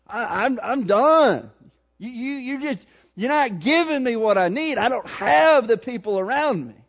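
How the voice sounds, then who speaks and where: A man's voice: extremely high pitch, animated, unhurried, creaky, voice pushed up, heavily acted. A man with a Missouri accent voicing a despairing male prophet who whines, stammers and pleads in complaint. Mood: whining. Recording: tinny phone-like sound.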